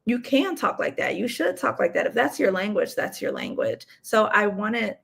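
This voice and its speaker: A young adult woman from the US Midwest, an author chatting casually in an interview, relaxed and laughing often. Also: mid-range voice, normal speed, gravelly. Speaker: author guest.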